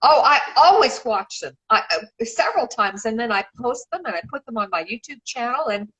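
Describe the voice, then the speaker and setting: On poor audio, a slightly high, somewhat bright, animated woman talks fairly quickly. This middle-aged shoe designer from Memphis, Tennessee, USA, a regular guest, chats effusively on a casual live stream, calling people darling.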